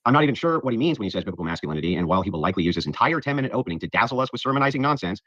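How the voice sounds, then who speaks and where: Rapid-fire husky debater on lo-fi audio. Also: male voice, fairly low pitch, sing-song, fairly bright tone, dry recording. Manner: combative, dismissive of his opponent. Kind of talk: debate opening statement. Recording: dull lo-fi clip audio.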